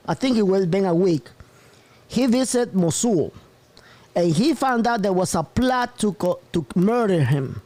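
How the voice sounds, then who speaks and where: A man's voice: high voice, animated, unhurried, a little mellow. Laughing, rambling male news host. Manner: rambling, often breaks into laughter. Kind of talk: casual news commentary.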